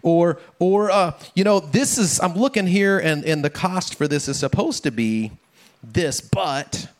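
A man's voice: sits high, animated, a little slow. A middle-aged man, a pastor, giving a casual, conversational sermon, often repeating words and checking in with "right?". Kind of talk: casual sermon with family stories.

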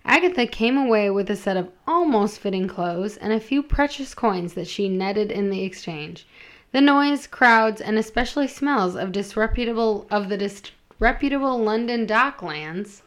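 A woman's voice: medium pitch, expressive, normal speed. Woman reading a romance story aloud. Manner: self-deprecating, laughs at her own slips. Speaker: podcast host and reader.

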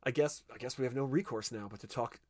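A man's voice: mid-range voice, fast, a little mellow, no room sound, studio quality. A young man hosting a podcast, chatting casually and animatedly as he recaps a film and acts out lines from it. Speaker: podcast host.

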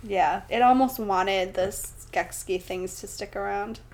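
A woman's voice: medium pitch, unhurried. Giggly, chatty woman podcast co-host. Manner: chatty, giggly, heavy use of "like". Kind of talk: casual chat.

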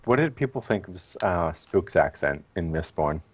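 A man's voice: deep voice, expressive, moderate pace, husky, no room sound, dull audio. A man from the northeastern US chatting casually on a podcast in a joking, emphatic way. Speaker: podcast co-host. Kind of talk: casual chat.

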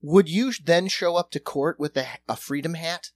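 A man's voice: fairly high pitch, normal speed, no echo. A man co-hosting a comedy podcast, riffing crudely and swearing often. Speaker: podcast co-host. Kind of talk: casual comedic chat.

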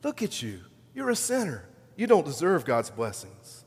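A man's voice: fairly high pitch, huge pitch swings, normal speed, breathy edge, exaggerated voice. Man voicing a sneering, accusing devil. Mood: taunting. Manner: taunting, scornful. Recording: long hall reverb.

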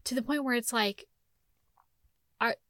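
A woman's voice: a little high, measured pace, crowd noise. A woman co-hosting a podcast in casual chat, rambling with many ums, swearing freely and sometimes dropping to a whisper. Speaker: podcast co-host.

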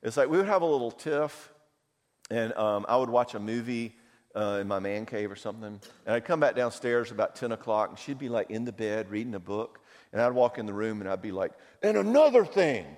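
A man's voice: fairly low pitch, fairly quick. A man, a marriage counselor, giving a conversational seminar talk full of personal stories and self-mocking humor. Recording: long hall reverb.

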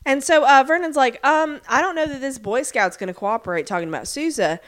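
A woman co-hosting a casual podcast, retelling the scenes of an episode and acting out bits of the characters' lines. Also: high-pitched. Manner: recaps scenes with quick acted-out quotes, lots of "um" and "like". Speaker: podcast co-host recapping a TV episode. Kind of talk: casual chat.

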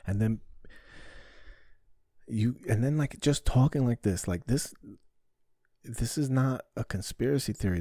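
A man rants on his own podcast, swearing freely and firing off rhetorical questions. His voice sits low and mellow. The sound is dry and close to the mic. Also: no echo. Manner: heated, profane, rhetorical questions. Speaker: podcast host. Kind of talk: ranting solo podcast talk.

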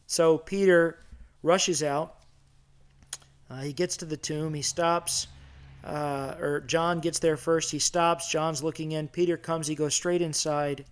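A middle-aged man preaching a sermon in a church sanctuary. He talks conversationally, asks his listeners questions and builds in intensity. His voice sits slightly high for a man. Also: fairly even intonation, takes it slowly, smooth. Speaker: pastor.

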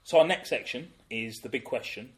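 A man's voice: medium pitch, moderate pace. A man cohosting a casual comedic chat show, self-deprecating and laughing through his own stories. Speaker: podcast co-host.

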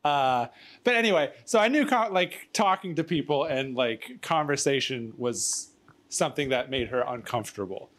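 A man's voice: mid-range voice, lively intonation, normal speed, fairly bright tone. A man telling a rambling story in casual chat, out of breath, stumbling over fillers and laughing often. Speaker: storyteller guest.

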